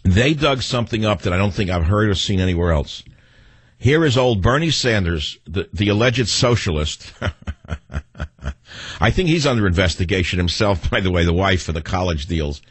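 A man's voice: low-pitched, expressive, normal speed, breathy edge, no echo. A man with a New York accent hosting a talk radio show, delivering a combative, emphatic and self-assured monologue.

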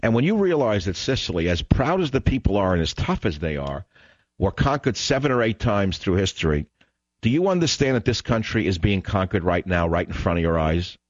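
Man, talk radio host, ranting, sarcastic, low voice, dry sound. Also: sing-song, fairly quick, dry recording, dull audio.

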